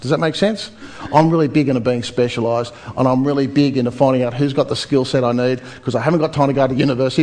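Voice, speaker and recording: Australian male seminar speaker, energetic storyteller. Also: fairly high pitch. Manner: energetic, storytelling, questions to audience. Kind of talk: motivational seminar talk.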